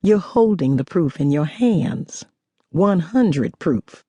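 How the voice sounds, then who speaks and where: A self-assured woman with a dry, teasing wit, voiced by a woman narrator in an audiobook. Her voice is warm and a touch husky, recorded close and dry. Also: lowish voice, expressive, slow pace, no room sound, full character voice. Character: confident sharp-witted woman chemist, teasing.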